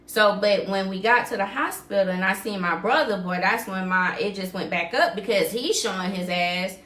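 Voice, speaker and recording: Recorded in a reverberant space, a woman hosting a podcast casually recounts a story with vivid retelling, acting out the dialogue she quotes. She speaks at normal speed in a medium-pitched, fairly bright voice.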